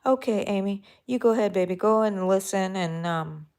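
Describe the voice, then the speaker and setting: A middle-aged woman hosting a live crochet tutorial, talking softly and mellowly, sometimes drifting into a whisper as she works. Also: mid-range voice, moderate pace, clean tone. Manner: soft, mellow, drifting into whispers while counting stitches. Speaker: crochet channel host.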